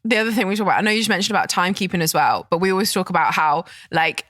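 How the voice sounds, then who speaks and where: A woman in her twenties who hosts a podcast and asks her guest questions in a quick, casual way. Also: lowish voice, a bit bright, dry recording, studio quality. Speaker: podcast host. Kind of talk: casual interview chat.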